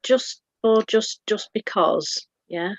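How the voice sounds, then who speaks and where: A woman's voice: medium pitch, creaky, no room sound, lo-fi sound. Chatty woman on a call. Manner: chatty, halting, self-interrupting. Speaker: group member. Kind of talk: casual group chat.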